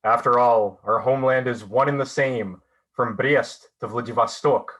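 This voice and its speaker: A man's voice: medium pitch, fairly even intonation, normal speed, a bit bright, lightly acted. A man playing a cold, threatening authoritarian leader in a staged play reading. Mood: menacing. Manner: cold, menacing. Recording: dull lo-fi sound.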